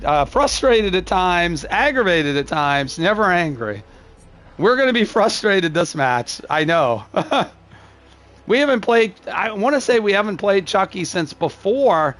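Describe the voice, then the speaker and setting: Gruff and curmudgeonly in sound, yet insisting he isn't angry, an older man talks through his moves on a live game stream and replies to chat. His high voice is a bit bright, and he frequently breaks off and restarts his phrases with a chuckle.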